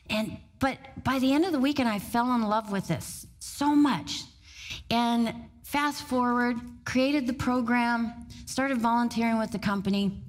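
A middle-aged woman giving a motivational talk on stage, storytelling in an animated way and laughing often. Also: fairly high pitch. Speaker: motivational speaker.

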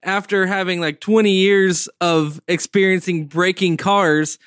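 A man in casual podcast chat, relaxed and anecdotal, acting out little dialogues. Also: high-pitched, unhurried, clean tone, no echo, studio quality.

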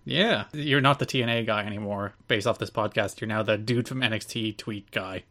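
A man's voice: fairly low pitch, brisk, sharp tone. A man co-hosting a podcast in casual chat, teasing his co-host with dry banter.

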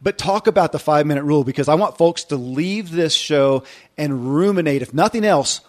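A man's voice: a little high, brisk. A man hosting an interview show, earnestly setting up a question and addressing his listeners directly. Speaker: podcast host.

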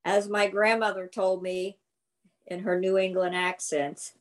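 A woman's voice: mid-range voice, flat delivery, a little slow. A woman taking part in a group meeting, chatting casually and sharing an anecdote. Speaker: meeting participant. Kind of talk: casual chat.

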